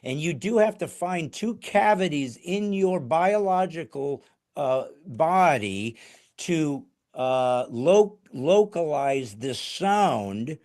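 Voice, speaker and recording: A man hosting a podcast, asking excited, rambling questions about ventriloquism. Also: fairly high pitch, takes it slowly. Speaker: podcast host and comedian. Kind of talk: casual podcast interview.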